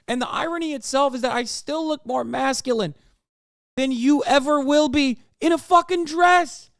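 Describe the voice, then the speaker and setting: A man hosting a livestream, reacting to a video with loud, profane, animated ranting. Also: very high voice, moderate pace, vocal fry, no echo, clean studio sound. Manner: loud, profane, animated, mocks others in put-on voices.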